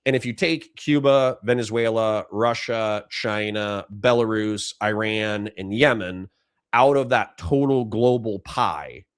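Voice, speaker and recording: A man's voice: on the low side, unhurried, smooth, dry recording, clean studio sound. Casual, rambling young man. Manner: rambling, loose and slangy, with stumbles and restarts. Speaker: political streamer. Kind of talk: casual political commentary.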